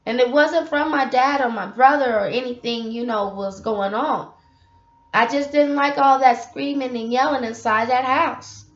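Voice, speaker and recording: A woman's voice: high voice, moderate pace. Impassioned preachy woman in an echoey room. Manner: impassioned, preachy, talks straight to viewers. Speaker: vlogger sharing faith testimony. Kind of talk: casual spoken testimony. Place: apartment room. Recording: roomy, dull lo-fi audio.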